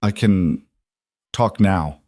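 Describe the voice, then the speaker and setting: A man voicing a young boy who speaks in a halting, hesitant way. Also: deep voice, darkish tone.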